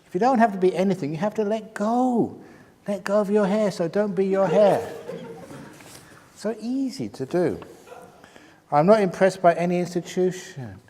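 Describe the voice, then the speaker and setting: An older man, a Buddhist monk, fields questions at a meditation retreat in a humorous talk, laughing at his own jokes. His voice sits a little high, and a long hall reverb trails behind his words with faint noise underneath. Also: animated, moderate pace, mellow.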